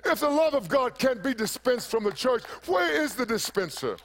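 A man's voice: very high-pitched, big pitch swings, normal speed. A man preaching a sermon as pastor, emphatic and repeating phrases for effect.

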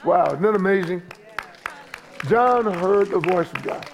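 A middle-aged man preaching a sermon in a high, gravelly voice. He is an excitable pastor who climbs into loud, emphatic delivery and often repeats himself. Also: unhurried, some chatter behind, a little hiss or hum.

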